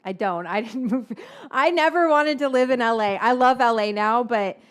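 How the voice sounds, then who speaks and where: A woman with a fairly high, smooth voice talks at normal speed while cooking. She's a Bay Area cookbook author and host whose casual chat rambles across tangents, candid and full of swearing.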